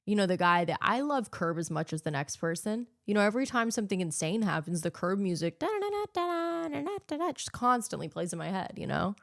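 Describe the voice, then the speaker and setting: A woman's voice: fairly low pitch, a little fast, gravelly, hardly any pauses, no echo, clean studio sound. A woman hosting her own podcast, ranting solo in a sarcastic, profane, opinionated way. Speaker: podcast host.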